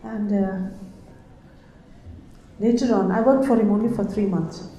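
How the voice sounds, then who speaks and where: An older woman reminiscing about her past in a halting, casual way, repeating words and laughing often. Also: medium pitch, fairly even intonation, mellow. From India. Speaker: storyteller recalling her past. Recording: very echoey room.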